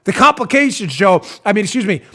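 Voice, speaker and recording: A man's voice: sits high, very animated, fast, sharp tone. A middle-aged man hosting a political talk show, mocking his targets and laughing hard at his own jokes. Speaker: podcast host.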